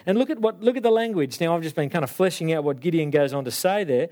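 A young adult man preaching a sermon, animated and acting out the voices of biblical figures. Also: a little high, fast, hardly any pauses.

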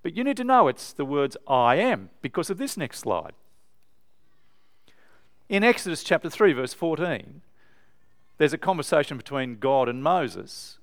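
A man preaching an animated, emphatic sermon to a live congregation in a church. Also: a little high, unhurried, long pauses.

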